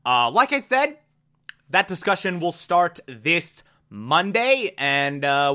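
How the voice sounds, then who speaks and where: A man's voice: a little high, sing-song, takes it slowly, sharp tone. A man hosting a podcast, talking casually and rambling with lots of fillers, slipping into a mock southern drawl. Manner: chatty, rambling, frequent "uh" and "like". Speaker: podcast host. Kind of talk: casual solo announcement.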